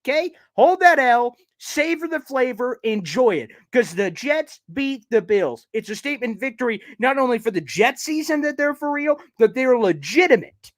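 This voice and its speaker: Fired-up taunting sports fan host. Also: male voice, lively intonation, moderate pace, few pauses, no room sound. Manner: fired-up, taunting rants with big pitch jumps. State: a little out of breath. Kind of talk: live fan recap show.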